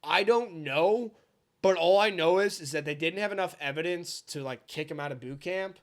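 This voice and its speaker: A young man in his twenties, co-hosting a podcast and telling a long, profane story in casual, animated chat. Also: fairly high pitch, normal speed. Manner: animated, swearing, bursts into loud impressions. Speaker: podcast co-host.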